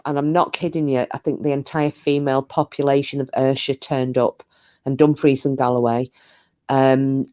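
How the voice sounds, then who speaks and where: A woman's voice: very deep voice, dark tone. Woman, stream host, chatty, swears, laughs at herself. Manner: chatty, swears freely, self-mocking. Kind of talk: casual chat and storytelling with viewers.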